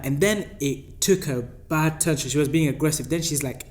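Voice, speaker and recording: A man's voice: on the high side, normal speed. A young man with a British accent, a doctor co-hosting a podcast, telling a work story in casual, slangy chat. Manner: lively anecdote telling, slangy.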